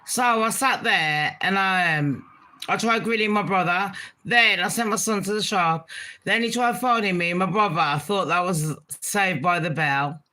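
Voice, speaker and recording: A woman's voice: mid-range voice, unhurried, pushed and bright. A woman chatting casually as a gossip vlogger, blunt and crude, swearing freely and tossing asides to her viewers.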